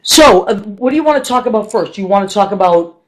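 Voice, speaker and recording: A middle-aged woman from Boston hosting a radio talk show, chatty and excitable, laughing often. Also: medium pitch, fast talker, rough recording. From Boston, Massachusetts. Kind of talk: casual chat.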